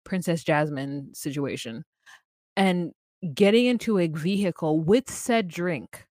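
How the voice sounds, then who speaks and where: A woman co-hosting a podcast, ranting in an animated, exasperated way during a casual TV recap. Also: lowish voice, unhurried, no room sound, clean studio sound. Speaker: podcast co-host.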